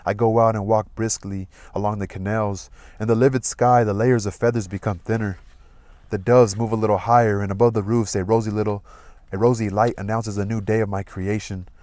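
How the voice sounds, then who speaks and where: A man reading a novel aloud in a measured, expressive way. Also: on the low side, dry recording. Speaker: audiobook reader.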